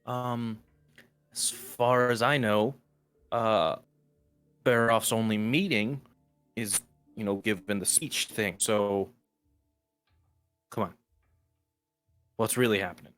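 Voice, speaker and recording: A man voicing a stern human guard with a spear, who shouts nervous warnings and questions strangers. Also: lowish voice, steady tone, takes it slowly, long pauses, clean tone, soft background music. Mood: suspicious.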